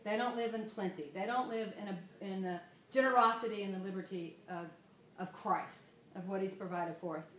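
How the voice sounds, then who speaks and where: A woman leading an informal Bible study, emotional, moving between soft asides and loud exclamations. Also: mid-range voice, normal speed, reverberant, a little hiss or hum.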